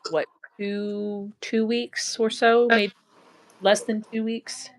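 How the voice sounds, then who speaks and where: Slow-talking woman in her thirties. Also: mid-range voice, flat delivery. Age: 30s. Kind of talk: casual chat.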